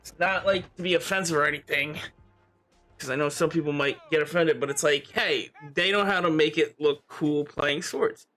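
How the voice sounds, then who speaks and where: A man's voice: fairly high pitch, moderate pace, sharp tone, soft background music. A man chatting casually with a friend while playing a video game, laughing often and rambling. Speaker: gamer streaming with a friend. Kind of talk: casual chat while gaming.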